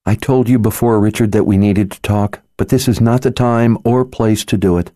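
A man's voice: on the low side, steady tone, moderate pace, dark tone, no echo, clean studio sound, voice pushed up, close to an everyday voice. A man voicing a stern, urgent sorceress woman who speaks with grim authority in an audiobook. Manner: grim authority, clipped and insistent. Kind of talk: audiobook character voice.

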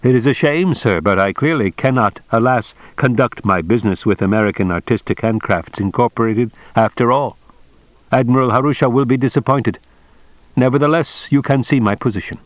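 A man's voice: medium pitch, dry recording, muffled recording, lightly acted. A man voicing a stiffly formal, polite envoy. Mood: polite, cutting. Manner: courteous, measured, stiffly formal speech. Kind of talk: audiobook character reading.

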